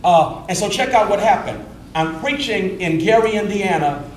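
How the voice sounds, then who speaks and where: A middle-aged preacher teaches a workshop in a rapid, animated way, stumbling over repeated words before a thought takes off. His voice sits fairly high for a man. He is picked up from some distance in a reverberant room with faint noise. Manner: fast-talking, animated, repeats words when starting a thought. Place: indoor room with an audience.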